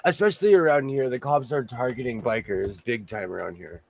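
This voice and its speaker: A man hosting a casual chat, telling stories loudly while his voice is going hoarse. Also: medium pitch, a little fast. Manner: loud, animated storyteller. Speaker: host. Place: home sewing room.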